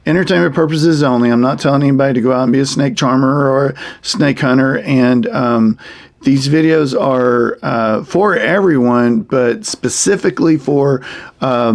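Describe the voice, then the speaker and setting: A man demonstrates a survival tool for a young audience in a loose, rambling way, circling back with plenty of fillers. His mid-pitched voice carries a gravelly texture throughout. He keeps a folksy, homespun manner as he explains. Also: moderate pace. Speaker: wilderness survival teacher. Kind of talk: casual how-to demonstration for kids.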